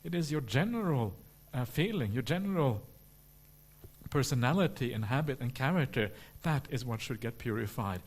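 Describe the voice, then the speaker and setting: A man, a Buddhist monk, answering questions at a retreat in a relaxed, humorous way with many "uh" fillers. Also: mid-range voice, moderate pace. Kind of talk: dharma talk question and answer.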